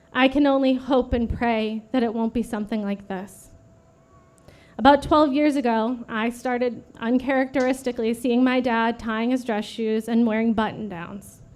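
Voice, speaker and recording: A woman in her late thirties giving an earnest prepared memorial speech at a vigil, steady and read from a script. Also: fairly high pitch. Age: late 30s. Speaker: vigil speaker.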